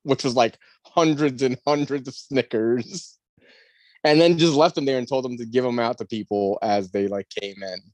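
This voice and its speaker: A man's voice: mid-range voice, moderate pace, a little mellow, dry recording. A man co-hosting a podcast in casual chat, rambling and filling his sentences with "like". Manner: rambling, leans on "like" as filler. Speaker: podcast co-host.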